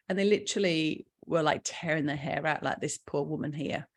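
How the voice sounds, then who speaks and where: A woman's voice: low voice, normal speed. A middle-aged woman, chatting enthusiastically through a live session as its founder and health coach. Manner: chatty, enthusiastic, with fillers and frequent laughs. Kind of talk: casual live presentation.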